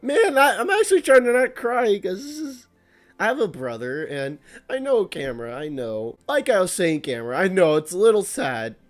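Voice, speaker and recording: A man's voice: sits high, very animated, normal speed, faint music behind. A man playing through a visual novel as a VTuber, reading game lines aloud and reacting in casual, rambling commentary. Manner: chatty, lots of "like" and restarts, emotional reactions.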